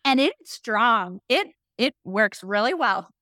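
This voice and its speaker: Bright-voiced woman chiming in agreeably. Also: on the high side, animated, takes it slowly, no echo, clean studio sound. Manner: agreeable, frequent short affirmations. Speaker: podcast co-host. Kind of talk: casual book recap chat.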